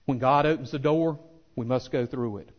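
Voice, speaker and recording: A pastor preaching a sermon with impassioned swells that drop to soft, earnest appeals. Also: male voice, mid-range voice, moderate pace, highs cut off. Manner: impassioned preaching, rising loud then softening.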